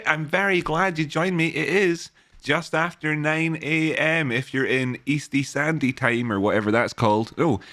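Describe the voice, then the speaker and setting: A man's voice: on the high side, fairly bright tone. A man hosting a live trading stream, chatting casually in a jokey, rambling way.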